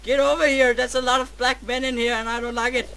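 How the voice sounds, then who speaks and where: A man with a Danish accent, hosting a gameplay video with dramatic, excitable commentary and shouts. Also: extremely high pitch, a little fast, vocal fry, rough recording. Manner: dramatic, yelps and shouts at the game.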